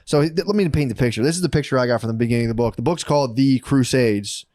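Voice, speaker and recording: A podcast co-host tells history stories in a casual, rambling way, swearing freely and tossing in bro slang. His mid-range voice is fast with a darkish tone, recorded at studio quality with no room sound.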